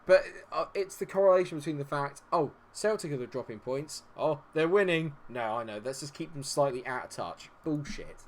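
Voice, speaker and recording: A man's voice: fairly high pitch, lively intonation, normal speed, hardly any pauses. A man giving live commentary on a football management game, frustrated and sarcastic, swearing often. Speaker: gaming streamer.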